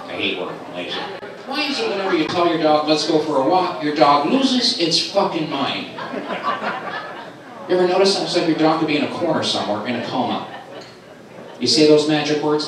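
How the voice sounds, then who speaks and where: A man doing a stand-up comedy set in a club, loud, animated and teasing the audience. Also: fairly high pitch, a little fast. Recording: roomy club sound from a distant camera, crowd laughing. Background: audience laughter.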